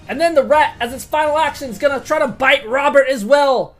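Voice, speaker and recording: A high-voiced woman runs a tabletop game and narrates the action with rising excitement. She swears freely and breaks into loud reactions at big rolls. Faint music plays underneath. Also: a little fast. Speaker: game master.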